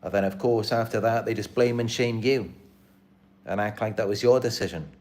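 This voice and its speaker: Low-voiced man talking into camera. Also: normal speed, a little mellow. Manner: earnest, repetitive, aggrieved. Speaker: channel host. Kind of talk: casual live-stream monologue.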